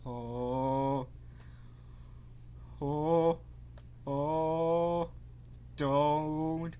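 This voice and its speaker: A young man streaming a game live, casual and excitable, cursing often and swinging from mock calm to yelling. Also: on the high side, moderate pace.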